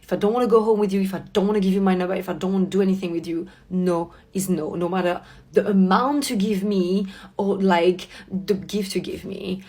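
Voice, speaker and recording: A woman telling a story to her viewers in a blunt, profane, animated rant. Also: medium pitch, brisk, hardly any pauses. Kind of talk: casual ranting storytime.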